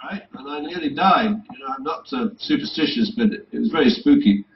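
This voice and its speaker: A man's voice: a little high, expressive, brisk, creaky, slight background noise. Guy co-hosting, rambly asides, echoey dull sound. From England. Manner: discursive, wanders into asides. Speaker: co-host. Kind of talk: casual chat.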